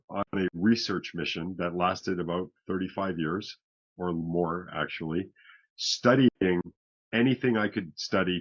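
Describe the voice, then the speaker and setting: A man's voice: low voice, fairly bright tone, dull audio. A middle-aged man from Canada, a podcast guest, telling his own story frankly with wry, self-deprecating humor. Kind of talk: candid personal storytelling.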